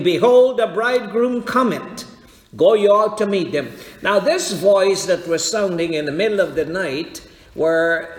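Slow high-voiced preacher in echoey church. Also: male voice. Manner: slow, deliberate preaching with questions to the congregation. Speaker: pastor. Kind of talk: sermon. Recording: echoey hall with long reverb.

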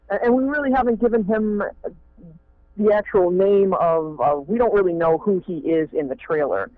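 Male indie filmmaker on a phone line, higher voice, rambling with fillers. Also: normal speed, no room sound. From Maine. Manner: rambling, many fillers and restarts. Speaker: fan film director. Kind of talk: casual interview talk.

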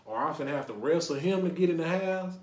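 A man's voice: fairly high pitch, animated, fast talker, darkish tone. A young adult man from Dallas, Texas, hosting a casual podcast and rambling, often asking "you know what I mean". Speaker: podcast host. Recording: roomy echo.

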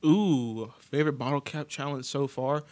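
A man's voice: mid-range voice, normal speed, darkish tone, no echo. A young man co-hosting a casual podcast, chiming in with playful, goofy remarks. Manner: playful, goofy interjections and bits. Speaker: co-host.

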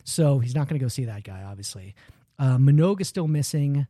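A man in casual chat, retelling a film scene and acting out its lines with lively energy. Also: medium pitch, brisk, dry recording, studio quality. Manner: animated storytelling, acts out quoted lines.

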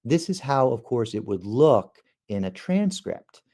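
A man's voice: medium pitch, very animated, unhurried, warm tone. A man, a trial lawyer, giving a podcast lecture on cross-examination in a conversational way, with frequent ums and uhs.

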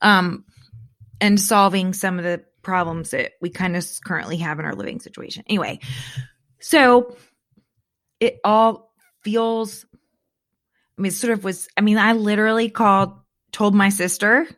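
A woman hosting a podcast, telling stories in a rambling, animated way and acting out what people said. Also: medium pitch, moderate pace, pauses often. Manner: rambling, animated storyteller who acts out quotes. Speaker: podcast host. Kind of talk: casual chat.

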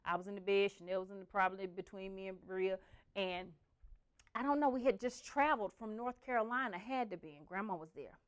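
A young adult woman telling family stories in a casual, profane, animated way, slipping into the voices of her relatives. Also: medium pitch, a little fast, clear, resonant tone. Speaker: storyteller. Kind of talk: casual storytelling.

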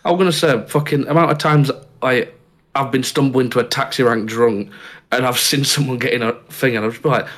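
A man's voice: medium pitch, fairly even intonation, fairly quick, a bit bright. A man with a Northern English accent from Barnsley, a guest trading crude jokes in casual podcast chat. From Northern England. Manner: jokey, swears freely, puts on bits.

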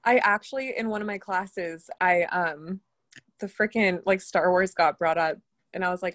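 A young woman, a college student, chatting casually in a quick, giggly way full of "like" and fillers. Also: on the low side, fairly bright tone. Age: young adult. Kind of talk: casual chat.

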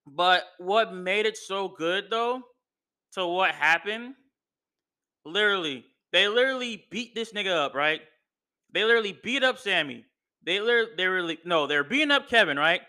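A man hosting a podcast, giving a casual, profane, slang-filled and excitable recap of a wrestling match. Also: high-pitched, moderate pace, smooth. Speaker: podcast host.

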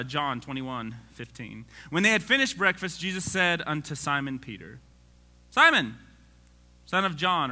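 A man preaches in a loose, conversational way. His voice is very bright and forceful, and it swings widely in pitch. He reads scripture aloud and throws in jokes for the congregation. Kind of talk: casual sermon.

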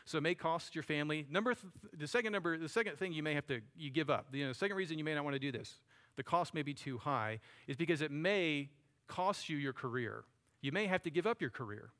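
A man's voice: fairly high pitch, expressive, fast, fairly bright tone. A man preaching a sermon, talking to the congregation in a conversational way and calling them buddy and friends. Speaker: pastor.

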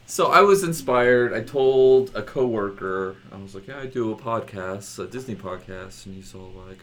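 A man hosting a casual podcast chat, rambling and laughing often, his voice a bit rough from a loud night out. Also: lowish voice, animated, normal speed, hardly any pauses. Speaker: podcast host.

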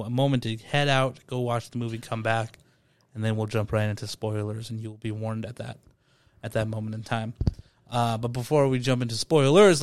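A man's voice: medium pitch, no echo. Dry-voiced man hosting a movie chat. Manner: rambling, repeats words while thinking. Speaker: podcast host. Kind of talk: casual movie review chat.

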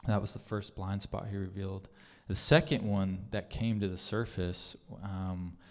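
A man's voice: low voice, steady tone, a little slow. A man giving a personal testimony sermon in a church hall, talking in an earnest, conversational way with many fillers and restarts. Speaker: speaker sharing a testimony. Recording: long reverb of a large hall.

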